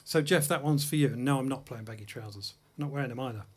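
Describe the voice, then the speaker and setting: A man's voice: medium pitch, fast. Chatty English man hosting a music livestream. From England. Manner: chatty, anecdotal, self-deprecating. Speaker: host and jazz pianist-singer. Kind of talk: casual chat between songs on a livestream. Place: music studio.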